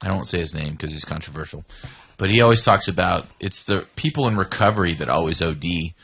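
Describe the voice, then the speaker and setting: Male co-host, somewhat low voice, loose rambling chat. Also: brisk, vocal fry, fairly bright tone, husky. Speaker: podcast co-host. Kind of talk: casual chat.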